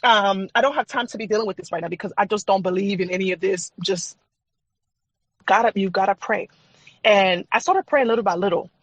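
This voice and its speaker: A woman appears as a podcast guest, a faith and trauma coach telling her personal story in an earnest, candid, chatty way, with frequent fillers and laughs. Her medium-pitched voice is fairly quick; the recording is rough, with no room sound.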